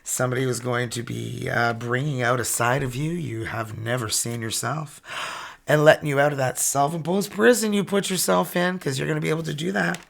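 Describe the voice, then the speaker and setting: Animated man, gravelly voice. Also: mid-range voice, a little fast. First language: French. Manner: animated, teasing and chatty. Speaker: tarot reader. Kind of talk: casual tarot reading.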